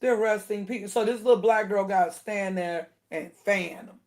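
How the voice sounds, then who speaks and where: A woman giving casual spoken commentary to her viewers, indignant and animated, laughing between her points. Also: medium pitch, normal speed. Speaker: video commentator.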